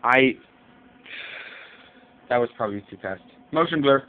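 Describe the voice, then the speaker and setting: A man's voice: medium pitch, expressive, a little slow, pauses often. A man swearing constantly as he rambles in a casual vlog from his bedroom. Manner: profane, rambling, jumpy. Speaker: vlogger. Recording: tinny lo-fi audio with faint hiss.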